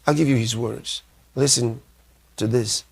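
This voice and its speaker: A man's voice: medium pitch, fairly even intonation, gravelly, husky. A man preaching a sermon as a pastor, delivering emphatic lines, repeating key phrases and reading scripture aloud. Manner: reads scripture aloud slowly.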